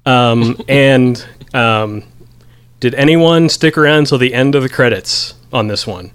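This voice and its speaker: Smooth, medium-pitched and unhurried, this man's voice carries a rambling podcast discussion of a film. He fills it with ums and stops to read lines from his notes.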